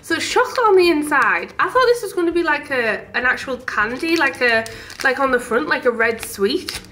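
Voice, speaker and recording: A woman's voice: sits high, very animated, normal speed, pushed and bright, a little hiss or hum. A young woman with a Teesside accent from northeast England, chatting casually about her shop while tasting sweets. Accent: Teesside English. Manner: bubbly, chatty, gushing. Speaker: shop owner and vlogger.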